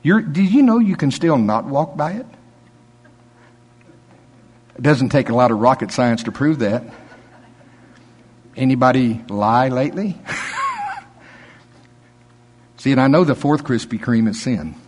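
A man's voice: medium pitch, lively intonation, unhurried, pauses often, darkish tone, big-room sound. A middle-aged male pastor preaching a sermon, telling folksy stories with laughter and quoted voices.

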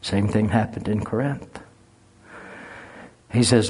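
Folksy preacher with a gravelly voice. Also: male voice, medium pitch, moderate pace, darkish tone. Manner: folksy, humorous, laughs at his own stories. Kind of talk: sermon with storytelling.

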